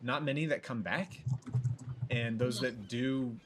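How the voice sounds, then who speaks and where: Casual man game master, middle pitch, slight noise behind. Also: a little slow. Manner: relaxed, with frequent fillers. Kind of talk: narrating a tabletop game.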